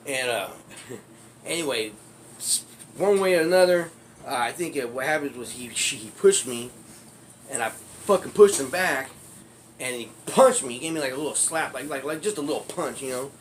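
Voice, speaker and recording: A man's voice: medium pitch, lively intonation, moderate pace, slight background noise. A man telling a personal street story in a rambling, profane way, laughing often as he talks. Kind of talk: casual storytelling.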